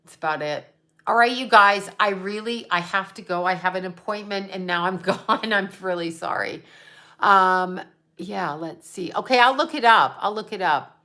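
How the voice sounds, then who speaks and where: A woman's voice: medium pitch, normal speed, sharp tone. Rambling woman chatting on a livestream. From United States. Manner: rambling, trailing off, chatting to viewers and her cat. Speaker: psychic livestream host. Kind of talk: casual livestream chat with viewers.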